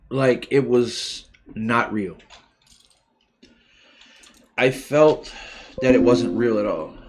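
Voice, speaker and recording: A man in his forties from the United States, hosting a live stream and speaking openly and emotionally about his own life, with many pauses and restarts. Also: mid-range voice. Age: 40s. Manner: halting and heartfelt, many restarts. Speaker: livestream host. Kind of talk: emotional personal talk.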